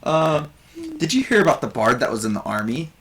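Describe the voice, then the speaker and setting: A man's voice: fairly high pitch, big pitch swings, a bit bright, voice pushed up. A man voicing a lanky male bugbear stand-up comedian who tells corny puns and waits for laughs. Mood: jokey. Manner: chummy, hammy joke delivery with pauses for laughs.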